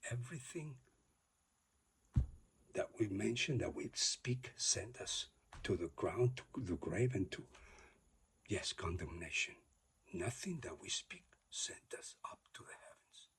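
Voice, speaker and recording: A man delivers a preachy motivational monologue, his low voice husky and breathy. He swings from loud, insistent declarations into near-whispers, and his pitch leaps around as he repeats his exhortations. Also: lively intonation, a little slow, long pauses. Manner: repetitive, exhorting. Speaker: motivational speaker.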